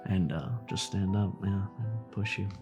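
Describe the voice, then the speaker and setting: A man playing a tabletop game, slow and measured as he describes his character's actions. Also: deep voice, a little mellow, soft background music. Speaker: player. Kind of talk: tabletop role-play, in character.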